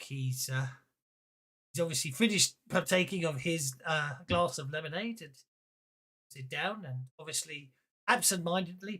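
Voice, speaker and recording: A man narrating a tabletop game as game master, chatty and halting, with many fillers. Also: on the high side.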